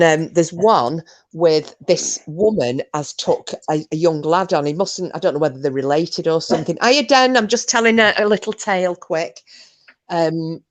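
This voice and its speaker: Woman stream host, lowish voice, rambling anecdotes, swears casually. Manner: chatty storytelling, frank swearing. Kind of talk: casual chat.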